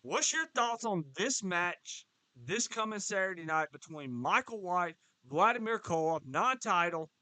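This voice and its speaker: A man hosting a wrestling preview show, excitable and quick to interrupt with questions. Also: high voice, dry recording, low-quality recording. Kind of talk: casual podcast chat.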